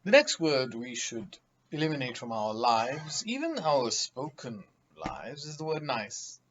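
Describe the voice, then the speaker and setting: Slow, emphatic male vocabulary teacher. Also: medium pitch, sing-song, lo-fi sound, slight background noise. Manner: emphatic, theatrical, mocking quoted examples. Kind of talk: vocabulary lesson to camera.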